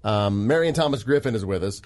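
A man hosting a radio show, joking through quick banter with his co-host and guest. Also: on the low side, animated, a little mellow, no echo. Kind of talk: casual radio chat. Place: radio studio.

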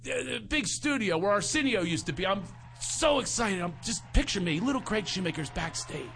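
A male comedian tells comic stories as a guest in conversation. He is animated and self-mocking, laughing often, with a slightly high voice that swings up and down a great deal. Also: a little fast, vocal fry, slight background noise.

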